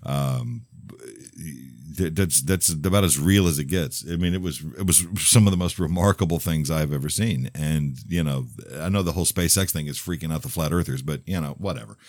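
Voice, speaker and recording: Male radio host, deep voice, dry close sound, loose rambling monologue, blunt and opinionated. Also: moderate pace, a little mellow, no echo. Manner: rambling, with many restarts and asides. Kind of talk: casual monologue.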